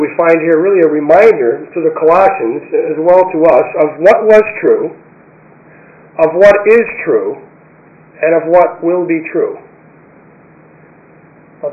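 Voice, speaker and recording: A man preaching a sermon, emphatic, repeating key phrases and slowing down to read scripture. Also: sits high, lo-fi sound. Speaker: pastor.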